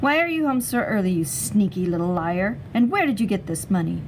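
A woman's voice: mid-range voice, normal speed, noisy background, natural voice. A woman voicing a cold, cruel stepmother who issues stern, clipped demands. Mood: cold, commanding. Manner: stern, clipped demands; silky-polite on the phone.

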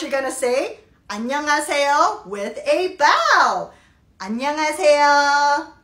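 Playful high-voiced woman giving comic tips. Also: a bit bright. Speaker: comedian.

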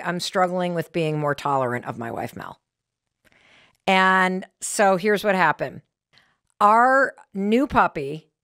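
A middle-aged woman with an American accent, hosting a podcast and telling a candid story in an animated way. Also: on the low side, no room sound, clean studio sound. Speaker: podcast host. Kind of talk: motivational podcast talk.

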